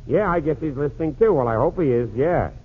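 A man doing a one-sided comic phone call in a 1940s radio comedy monologue, patter quick and full of jokes. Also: fairly high pitch, lively intonation, breathy edge. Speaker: comedian and emcee. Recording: tinny lo-fi 1940s radio transcription with faint hiss.

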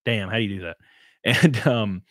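A young man with a fairly low voice tells long, rambling stories in a loose, casual way, and the recording is dry and close. He swears freely and breaks into laughter often. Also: moderate pace, a bit bright, dry recording. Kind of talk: casual storytelling.

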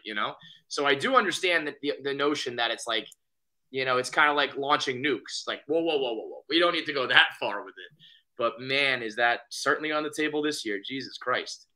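A man co-hosting a podcast, chatting casually about baseball in a rambling, profane, excitable way. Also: mid-range voice. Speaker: podcast co-host. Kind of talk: casual sports chat.

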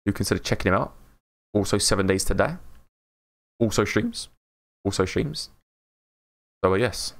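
An English man live-streaming a game, chatting in an upbeat way with viewers, greeting them by name and laughing often. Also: medium pitch. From England. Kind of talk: casual live-stream chat while gaming.

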